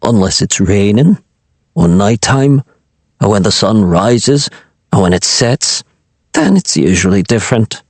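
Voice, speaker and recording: A man reading aloud and voicing a resentful young kitchen boy who speaks in a flat, annoyed, deadpan way. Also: on the low side, measured pace, no room sound, pitched below the performer's own voice, exaggerated voice.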